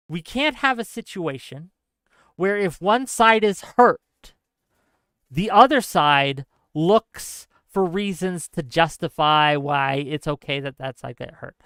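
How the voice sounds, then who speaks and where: A man giving an impassioned political commentary monologue, earnest and lecturing, speaking straight to his audience in fast bursts with heavy repetition. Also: high-pitched, a bit bright, smooth, no room sound. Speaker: political streamer.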